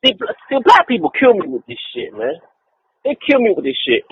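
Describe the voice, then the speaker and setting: A man's voice: sits high, wildly swooping pitch, fairly quick, slightly rough. A man co-hosting a casual podcast, ranting in a profane, rambling way and laughing often between remarks. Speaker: podcast co-host. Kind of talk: casual chat. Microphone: online call. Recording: dull lo-fi call audio with faint hiss.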